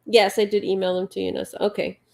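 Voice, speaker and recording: Speaking fast in a flat, creaky, slightly mellow voice of medium pitch, this woman runs a laid-back late-night livestream. Between reading out viewer comments and chatting, she murmurs crochet stitch counts to herself.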